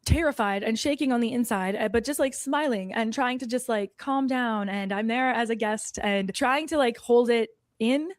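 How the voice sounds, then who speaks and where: A woman's voice: fairly high pitch, normal speed, hardly any pauses, no room sound, studio quality. Snarky woman telling a personal story. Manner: frequent "like" fillers, snarky edge. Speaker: storyteller recounting an incident. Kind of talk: confessional video monologue.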